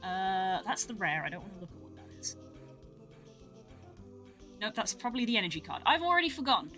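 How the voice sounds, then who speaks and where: A woman chats her way through a live stream, her voice bright and her pitch swinging lively from word to word. She talks casually and excitably, and faint music plays behind her. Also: a little fast. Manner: chatty, excitable exclamations over cards. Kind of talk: casual live-stream card-opening commentary.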